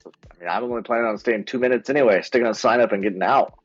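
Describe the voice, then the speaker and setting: A man playing in a tabletop game, who talks quickly and casually with jokes. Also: mid-range voice, husky, no room sound, lo-fi sound, soft background music. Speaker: player.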